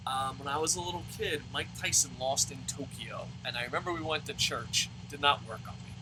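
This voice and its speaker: A man from New Jersey reviewing a wrestling show in a loud, profane, laughing rant that jumps into high shouts. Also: brisk, background noise. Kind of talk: profane animated ranting review.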